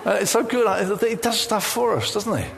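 A man preaching with an animated, storytelling delivery. His voice sits a little high and swings widely in pitch as he acts out quoted conversations. A faint hiss runs under the recording. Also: a little fast, vocal fry. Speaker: pastor. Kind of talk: sermon.

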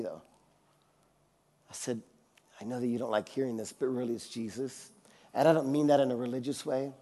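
A man preaching a sermon, telling a personal anecdote with acted-out voices, laughing often and dropping to a quiet, intimate tone for serious moments. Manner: drops to a quiet, low, intimate tone for serious parts. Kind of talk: sermon storytelling.

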